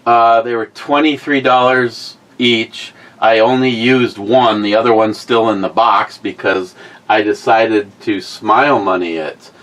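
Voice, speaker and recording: A man's voice: fairly low pitch, steady tone, measured pace, a bit bright, low-quality recording. A laid-back middle-aged man talks casually for his video. He stumbles over his words and apologizes a lot. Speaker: channel host, father. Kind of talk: casual vlog talk.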